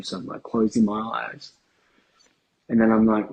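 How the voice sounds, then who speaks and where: A man, a podcast guest telling a candid personal story in a casual, halting way with restarts and swearing. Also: on the low side, flat delivery, a little mellow, breathy edge, highs cut off. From Australia.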